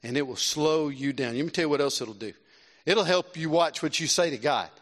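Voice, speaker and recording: A middle-aged preacher with a high, bright voice delivers a lively sermon, jumping from loud exclamations down to hushed, earnest tones. His words ring out through a large church with a long reverb. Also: brisk. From South Carolina. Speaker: visiting preacher.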